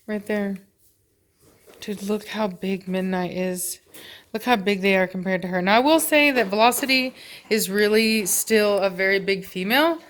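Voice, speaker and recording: A woman's voice: mid-range voice, normal speed. A woman in a casual home vlog, rambling with many fillers as she talks about her dogs, then giving firm short commands to a dog. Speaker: dog breeder and trainer. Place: home living room.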